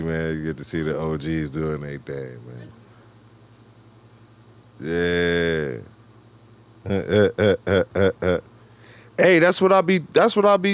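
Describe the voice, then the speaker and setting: A man's voice: fairly low pitch, clear, resonant tone, highs cut off. A middle-aged man from New York City hosting a gaming livestream, rambling in slangy casual chat and laughing often. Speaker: livestream host.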